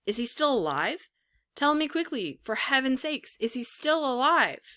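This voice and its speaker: A woman's voice: medium pitch, measured pace, bright, forceful tone, smooth, no room sound, clean studio sound. A woman voicing a grieving, impulsive wooden puppet boy who wails and pleads. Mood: eager, anxious. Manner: wailing, pleading.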